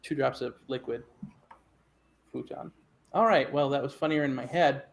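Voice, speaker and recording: A man's voice: medium pitch, moderate pace, gravelly. A man hosting a live comedy show, rambling through introductions with many fillers. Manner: rambling, lots of fillers and restarts.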